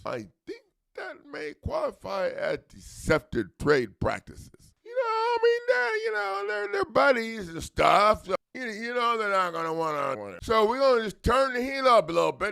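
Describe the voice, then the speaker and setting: A man hosting a rambling live stream about selling lawsuit packets, jumping between loud outbursts and low mutters. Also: gravelly, no echo, clean studio sound. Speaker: host selling legal packets.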